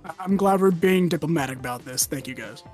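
A woman's voice: deep voice, quick pace, darkish tone, soft background music, lightly acted. A woman playing a nervous young male prisoner in a tabletop game, hesitant and stammering. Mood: pleading. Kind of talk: tabletop role-play.

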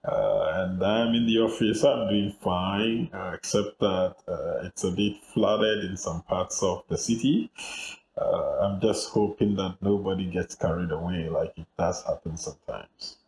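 A Ghanaian man in his fifties, a journalist answering interview questions in a measured, reflective way from his office. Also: low voice, darkish tone, echoey room, a little hiss or hum, poor audio. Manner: measured, reflective, with frequent fillers. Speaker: guest journalist. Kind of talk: interview over a remote call.

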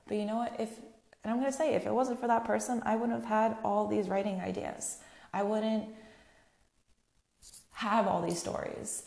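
A young woman hosts a casual solo podcast, talking on her own in a chatty, candid way and swearing freely. Her mid-range voice is creaky with a darkish tone, recorded in an echoey room.

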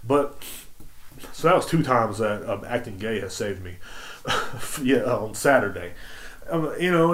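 A man hosting a solo podcast, telling crude stories in a rambling, profane, casual way. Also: mid-range voice. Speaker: podcast host. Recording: roomy echo.

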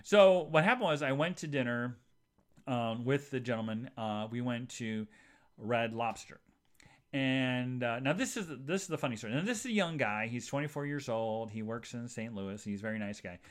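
A man hosting a podcast, telling a long rambling story in a chatty, animated way with many asides to his listeners. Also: moderate pace. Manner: rambling and animated, jumps to high voices for quoted people. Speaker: podcast host. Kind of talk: casual monologue storytelling.

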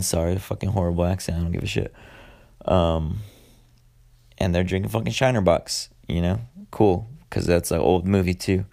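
A man's voice: sits low, steady tone, moderate pace, gravelly, mellow. A young man hosting a solo podcast, rambling casually with lots of swearing and filler words. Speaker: podcast host.

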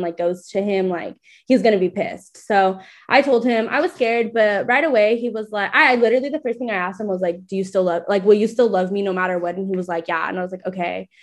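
A woman's voice: mid-range voice, brisk, few pauses. A young woman in casual chat, telling a personal story, acting out what others said and laughing often. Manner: animated storytelling, acts out quotes, laughs often. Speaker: guest sharing a coming-out story.

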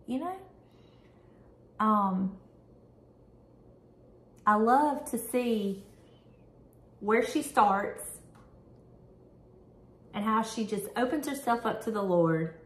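Woman, devotional reading, earnest, candid, chatty, mid-pitched, echoey room. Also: animated, very slow, pauses often. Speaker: devotional vlogger. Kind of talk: reading a devotional prayer and reflecting on it.

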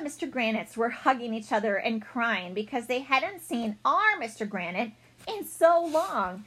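A woman reads a children's chapter book aloud in a playful, expressive way. Her voice sits fairly high, with lively swings in pitch and a soft, breathy edge. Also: unhurried. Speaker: reader.

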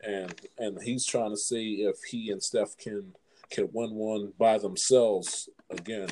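A man hosting a casual sports chat, halting and repeating words as he asks his guest for opinions. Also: fairly low pitch, steady tone, dark tone, slight background noise, low-quality recording. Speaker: host.

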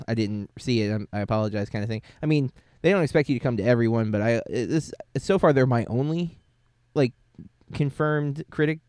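A man's voice: mid-range voice, darkish tone, smooth, no room sound, clean studio sound. A man hosting a movie club podcast, talking casually with lots of ums and uhs. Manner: rambling, many ums and uhs. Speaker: podcast host. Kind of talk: casual chat.

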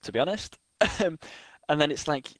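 A man's voice: on the high side, lively intonation, normal speed, no room sound. A young man chatting casually, retelling a story with restarts, fillers and laughs. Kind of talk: casual chat.

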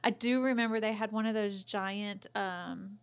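A woman's voice: mid-range voice, fairly even intonation, moderate pace, clear, resonant tone. A middle-aged woman, co-hosting a casual chat and telling self-deprecating stories with giggles. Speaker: podcast co-host.

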